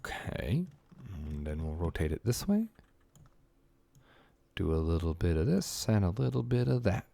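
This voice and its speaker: A man's voice: low voice, very animated, moderate pace, gravelly, dark tone. A man streaming a building game, chatting casually with viewers and muttering to himself in a self-mocking way. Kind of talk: casual livestream chat while building.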